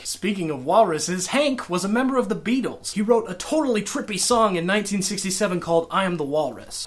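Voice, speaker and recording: A man's voice: high-pitched, a bit bright. A young man hosting his own vlog at home, answering viewer questions with playful, joking replies. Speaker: vlogger host. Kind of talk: casual vlog Q&A. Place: home, in front of a couch and wall.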